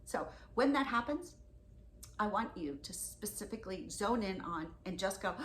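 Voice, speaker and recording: A woman relationship coach talks straight to camera with a bright, slightly high voice that swoops around constantly. She is frank and animated, hitting some words hard and letting others fall to soft asides. The room echoes noticeably, with a faint hum underneath. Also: normal speed. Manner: animated, candid, swings between loud emphasis and soft asides. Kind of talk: direct-to-camera advice talk.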